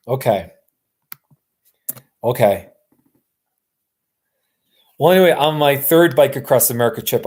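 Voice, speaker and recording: A man's voice: medium pitch, a little mellow. A man hosting a casual live stream, rambling and answering viewers' comments. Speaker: livestream host. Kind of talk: casual livestream chat.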